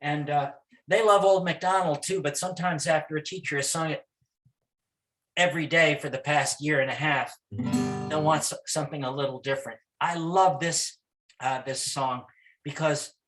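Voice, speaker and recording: A middle-aged man, a music teacher, giving a gentle and encouraging talk on songs for young children. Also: fairly high pitch, moderate pace, long pauses.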